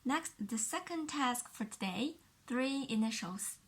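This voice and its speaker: A woman with a Chinese accent teaching a pinyin lesson, explaining sounds slowly and carefully and repeating each one for the learner. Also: fairly high pitch, lively intonation. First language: Mandarin Chinese.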